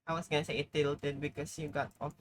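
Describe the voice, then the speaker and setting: A woman's voice: low-pitched, level tone, quick pace, a little hiss or hum. A woman streaming live, commenting on her game in an exasperated, profane way, peppering her talk with "like". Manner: exasperated, profane, heavy use of "like".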